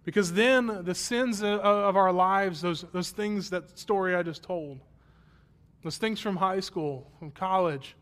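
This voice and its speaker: Here a thirtysomething male pastor preaches at a measured pace, his high voice carrying a slight brightness. His sermon weaves in a personal story, moving from a chatty, self-mocking tone into fervent praise.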